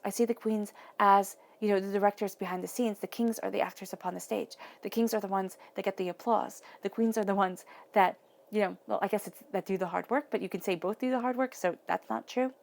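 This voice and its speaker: A woman giving an intuitive tarot reading, earnest and emotional, speaking softly through affirmations and restarting her thoughts often. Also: medium pitch, vocal fry. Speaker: tarot reader.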